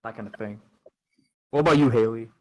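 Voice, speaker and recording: A young man hosting a casual chat podcast, relaxed and playful, often pausing with "uh" and "like". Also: medium pitch, rough recording. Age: young adult. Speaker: podcast host.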